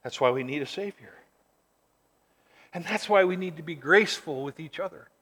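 A man preaching a sermon as pastor, swinging from near-shouts to hushed, quiet lines. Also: fairly high pitch, normal speed, slightly rough. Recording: long hall reverb.

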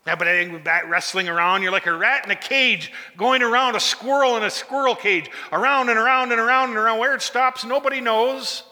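A man preaches a sermon, urging listeners on with emphatic, repeated calls. His voice sits high and sharp, moving fairly quickly with few pauses, and a long hall reverb trails it.

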